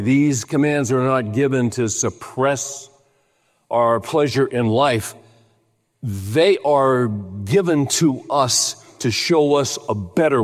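Older preacher man in a reverberant hall. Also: medium pitch. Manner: storytelling, emphatic, acts out quotes in a raised voice. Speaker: pastor. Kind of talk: sermon.

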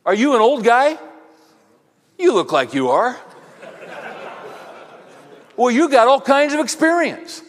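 Preaching to a crowd of men in a hall full of reverb, this middle-aged speaker has a very high-pitched and very animated voice. His pace is slow and broken by many pauses as he wanders through anecdotes and tosses out rhetorical questions in a chatty sermon style.

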